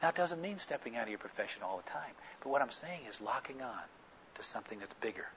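A man preaching a sermon, telling an anecdote in an animated storytelling manner and acting out quoted dialogue. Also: mid-range voice, fast talker, muffled recording, a little hiss or hum.

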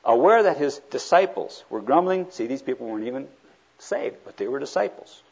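A man preaches a sermon with a husky, slightly rough voice. His pitch rises and falls in big swings as he acts out the speakers he quotes. The recording is dull and lo-fi. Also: sing-song, brisk, darkish tone.

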